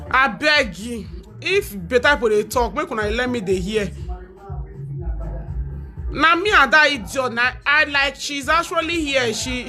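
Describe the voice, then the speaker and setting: A woman with a Nigerian Pidgin accent rants and mocks in a high, bright, slow drawl, breaking into sing-song taunts and shouts. Faint music plays behind her. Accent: Nigerian Pidgin English. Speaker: social media commentator. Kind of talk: mocking live-stream rant.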